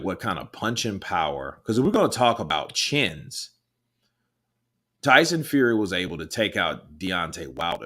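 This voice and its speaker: Reading viewer chat on his boxing livestream, this man rambles casually, swearing and laughing between thoughts. His voice is deep and bright, with a forceful tone.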